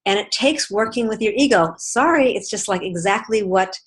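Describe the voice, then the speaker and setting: A woman's voice: mid-range voice, expressive, normal speed. A woman leading a group check-in on a video call, talking in a rambling way with many fillers and restarts. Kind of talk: casual online group check-in.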